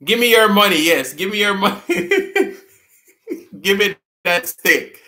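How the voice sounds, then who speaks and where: High, slow-talking Jamaican man. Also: sing-song, pushed and bright, roomy sound. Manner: repeats words slowly and laughs often. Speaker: host. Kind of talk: live-stream trivia chat with viewers.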